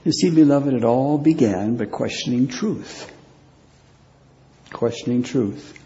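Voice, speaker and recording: A man preaching a sermon as pastor, speaking deliberately and repeating key phrases for weight. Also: medium pitch, warm tone, lo-fi sound.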